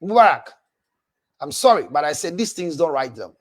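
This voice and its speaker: Reading viewer messages on his livestream, a counselor and show host with a Ghanaian accent scolds animatedly. The man's voice is fairly high, expressive, and at normal speed.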